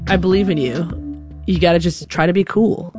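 A young man gives a fast, pushy pep talk, voiced by his sister as she tells the story. His words tumble out quickly, slightly lower than her own voice. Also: music in the background, close to an everyday voice. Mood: coaching.

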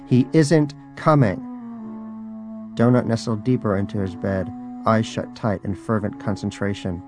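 A man narrating a story in a dry, wry, unhurried way. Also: lowish voice, fairly even intonation, over music.

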